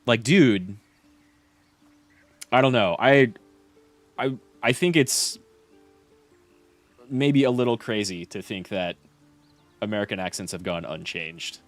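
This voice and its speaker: A man's voice: fairly low pitch, steady tone, a little slow, long pauses, faint music behind. A young man streaming a game and chatting casually, rambling with lots of fillers and restarts.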